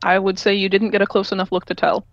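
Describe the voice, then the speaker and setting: A woman's voice: mid-range voice, flat delivery, fast, dry recording, highs cut off. Chatty woman narrating as game master. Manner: loose, chatty narration with many fillers and laughs.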